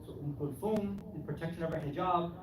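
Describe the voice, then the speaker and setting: A man's voice: fairly high pitch, fairly quick. A man giving a narrative sermon, telling the story dramatically and voicing the people in it. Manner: dramatic storytelling with voiced quotes. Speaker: speaker at a mourning gathering. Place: large prayer hall of an Islamic center. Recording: echoey hall, distant mic, background noise.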